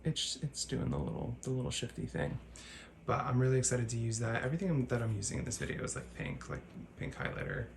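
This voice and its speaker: A man's voice: mid-range voice, fast, creaky, noisy background. A man talking casually through his makeup routine as a vlogger, rambling, correcting himself and laughing at his own slips. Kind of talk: casual chatty tutorial.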